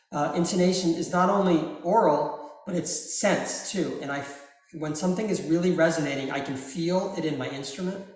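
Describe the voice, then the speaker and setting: A man, a cellist, answering audience questions in a live masterclass, talking in an unhurried, thoughtful way with frequent ums and uhs. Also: on the high side. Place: large reverberant hall. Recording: very echoey hall with cello in the background.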